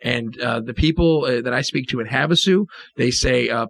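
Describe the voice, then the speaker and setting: A man's voice: medium pitch, moderate pace, gravelly, fairly bright tone. A man co-hosting a local podcast, hyping an upcoming event with enthusiasm. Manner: enthusiastic, hypey promoter. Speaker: podcast co-host. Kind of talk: casual chat.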